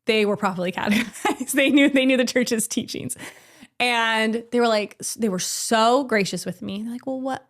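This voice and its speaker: A woman in her thirties, a podcast guest, telling a story in a casual, animated way, often laughing and acting out what people said. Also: a little high, normal speed. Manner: animated, laughing, acts out quoted voices.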